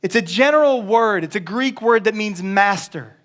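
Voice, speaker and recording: A man's voice: high voice, expressive, moderate pace, a bit bright. A man preaching a casual, joking sermon as a pastor, with many restarts.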